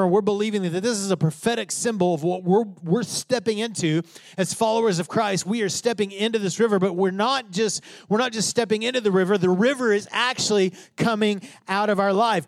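High-voiced man preaching a sermon. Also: dry recording. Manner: emphatic preaching, stresses key phrases, checks in with listeners. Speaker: pastor.

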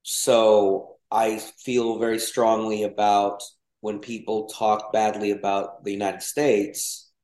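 A man's voice: lowish voice, little pitch movement, takes it slowly, a little mellow. Rambling man in a roomy echo. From Mexico. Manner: rambling, many restarts and fillers. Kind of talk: casual podcast conversation.

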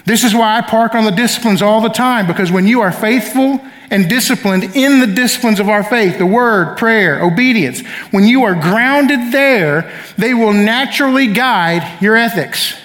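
A man's voice: high-pitched, moderate pace, hardly any pauses, a bit bright. A middle-aged man preaching a sermon as pastor, speaking emphatically and calling on the congregation to answer back. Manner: emphatic, calls for audience responses. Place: church sanctuary. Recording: long reverb of a church hall.

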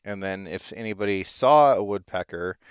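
A man's voice: fairly low pitch, normal speed, smooth, dry recording, studio quality. A man hosting a casual interview, telling stories and laughing often. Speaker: podcast host.

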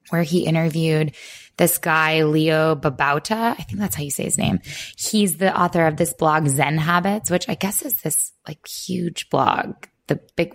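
A woman co-hosting a podcast, chatting in a reflective, casual way. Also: low voice. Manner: chatty, reflective, many likes and restarts. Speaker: podcast co-host.

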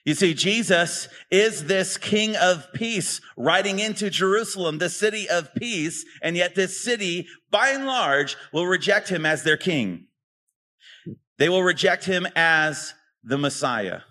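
A man preaching a sermon in a relaxed, conversational way, often tossing rhetorical questions to his listeners. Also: high voice, a little slow. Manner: casual, asks rhetorical questions. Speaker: pastor.

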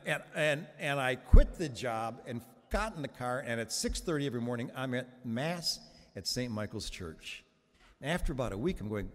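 A man's voice: medium pitch, in a large hall. A Catholic priest in his seventies giving a sermon in a conversational, humorous storytelling manner, with frequent restarts.

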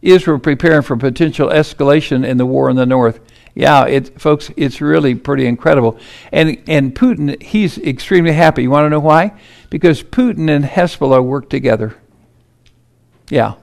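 A man's voice: fairly high pitch, normal speed, vocal fry, a little mellow. A man giving urgent political commentary over maps and headlines, emphatic and incredulous.

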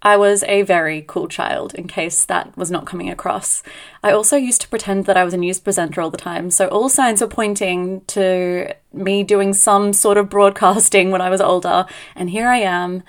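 A woman's voice: medium pitch, steady tone, moderate pace. A woman, hosting her own podcast in a chatty, upbeat, self-mocking way. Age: 30s. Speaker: podcast host and business coach. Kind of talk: casual solo podcast chat.

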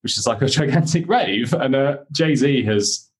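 Guest: young man, eager rambling storyteller, mid-pitched, lots of "like". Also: measured pace. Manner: excited, rambling storyteller with many fillers. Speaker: podcast guest. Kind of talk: casual interview chat.

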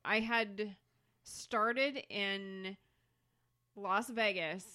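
A woman's voice: mid-range voice, drawn-out words, no room sound. A woman chatting casually on a podcast as the studio owner, telling a story and acting out the quotes. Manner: animated storyteller who acts out quotes.

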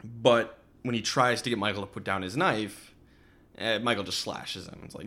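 A man's voice: on the low side, normal speed, sharp tone. A man co-hosting a podcast, casually retelling a movie's plot and acting out characters' lines. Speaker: podcast co-host. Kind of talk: casual movie recap chat.

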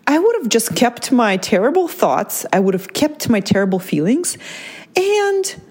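A woman's voice: fairly high pitch, sing-song, a little slow, a little mellow, slightly rough. Candid woman podcaster talking it through. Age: adult parent. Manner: candid, repeats "right?" often, many restarts. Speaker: podcast host. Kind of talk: personal reflective monologue.

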